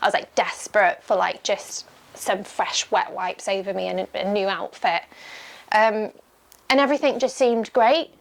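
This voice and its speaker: A woman's voice: medium pitch, steady tone, moderate pace, vocal fry. A young adult woman, an ultramarathon runner, recalling her race in a candid, chatty documentary interview full of "like" and "um".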